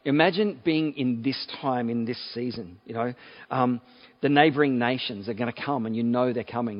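A man's voice: mid-range voice, highs cut off. Australian man preaching conversationally. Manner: conversational, with frequent fillers and restarts. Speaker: pastor. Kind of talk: sermon.

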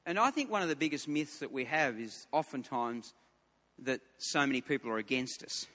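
A man's voice: mid-range voice, animated, moderate pace, pushed and bright, in a large hall. A man preaching a sermon in an earnest way, often repeating words as he starts a new thought.

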